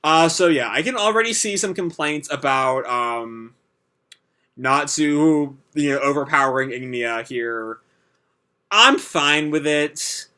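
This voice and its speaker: A man hosting a manga reaction, narrating each panel and giving his opinions. He rambles, with many fillers and restarts. His voice is a little high, bright and forceful. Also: slow. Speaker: manga reaction video host. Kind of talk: reading a manga chapter aloud and commenting.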